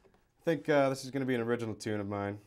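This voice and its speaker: A man who plays blues guitar, answering interview questions in a modest, hesitant way with many pauses. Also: mid-range voice.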